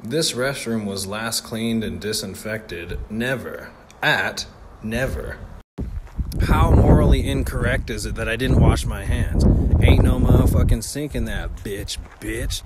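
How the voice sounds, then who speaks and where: A man vlogging on a road trip, crude and excitable, swearing constantly as he talks. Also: medium pitch, a little slow. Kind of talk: profane outdoor travel vlog. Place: outdoors at nature spots on a road trip. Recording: loud outdoor noise, wind and vehicles.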